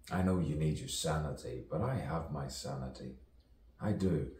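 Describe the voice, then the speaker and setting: A man with a very deep, low voice delivers a rambling spoken-word monologue, musing to himself and slipping into put-on voices and whispers. He sounds set back from the mic in an echoey room with faint ambience behind him. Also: normal speed, a little mellow, distant mic. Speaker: poet and playwright.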